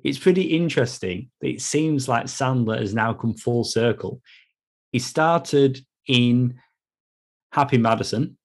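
Casual male podcast host, loose, laughs a lot. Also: mid-range voice. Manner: laughs between phrases, loose and chatty. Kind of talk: casual film review chat.

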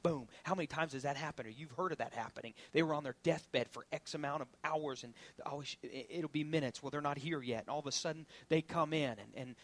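A man preaching a sermon as pastor, swinging from loud preaching to hushed whispers. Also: fairly high pitch, fast, few pauses.

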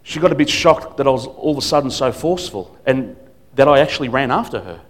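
A man's voice: mid-range voice, animated, fast. A man preaching as a guest pastor, telling stories with humor and acting out what people said. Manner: storytelling with humor and acted quotes. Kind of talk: sermon.

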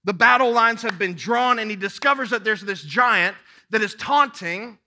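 A man's voice: high-pitched, moderate pace, sharp tone. A man preaching a sermon, reading scripture aloud and breaking off to exhort his listeners with rising emphasis. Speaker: pastor.

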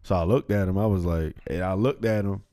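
A man's voice: deep voice, brisk, dark tone, no echo, clean studio sound. A man in casual chat, telling a story in a laid-back, slangy way and often repeating himself.

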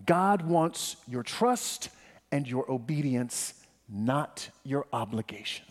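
A man's voice: mid-range voice, lively intonation, slow. Man preaching with a long church echo. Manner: addresses the congregation directly, swinging between hushed and emphatic. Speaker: pastor. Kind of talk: sermon.

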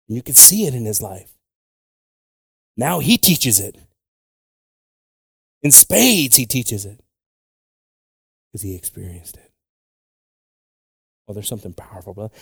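A man preaching a bilingual sermon with passion, dropping to hushed whispers and rising to shouts. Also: lowish voice, vocal fry, breathy edge, dry recording, clean studio sound.

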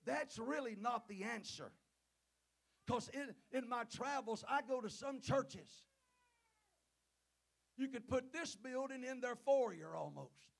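High-pitched, gravelly man preaching a sermon. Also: lively intonation, takes it slowly, long pauses. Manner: calls out "Amen?" and "Hello?" to the congregation; swings between loud fervent peaks and quiet low asides. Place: church sanctuary.

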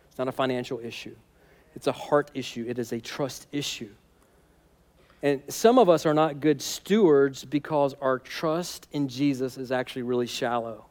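A man's voice: mid-range voice, moderate pace, a little mellow. A man preaching a sermon in a conversational, humorous and emphatic way. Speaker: pastor.

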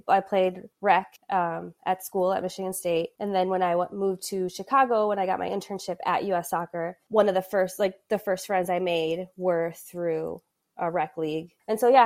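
Woman in her thirties, talkative guest with a casual, laugh-prone delivery. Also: on the low side. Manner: chatty, frequent "like" fillers, laughs mid-sentence. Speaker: podcast guest. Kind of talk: casual conversational storytelling.

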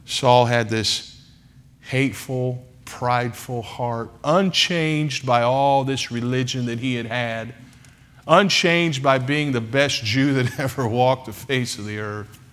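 A male pastor delivers a sermon in a church sanctuary, speaking slowly at a mid-range pitch. He leans on emphasis, repetition and long dramatic pauses to drive each point home. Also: a bit bright.

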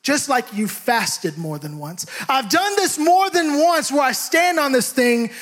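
A young man from the Bay Area preaching a sermon, telling a lively personal story with shouts and laughter. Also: extremely high pitch, a little slow. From San Francisco Bay Area.

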